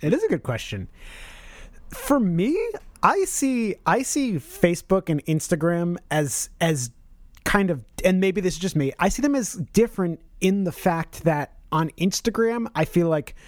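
A man's voice: sits high, big pitch swings, unhurried, no echo. A man co-hosting a podcast in casual chat, rambling with many restarts and self-corrections. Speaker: podcast co-host.

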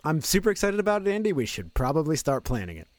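A man's voice: fairly high pitch, very animated, quick pace, dry recording. A man co-hosting a casual podcast, upbeat and playful. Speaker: podcast co-host.

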